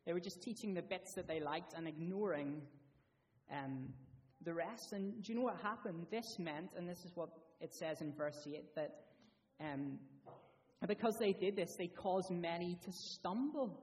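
A man giving a children's talk in church, asking the children lots of questions in a lively, friendly way. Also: high voice, a little slow, far from the mic.

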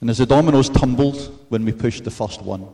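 A man preaching a sermon in an earnest, measured way, mixing in storytelling asides. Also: mid-range voice, mellow.

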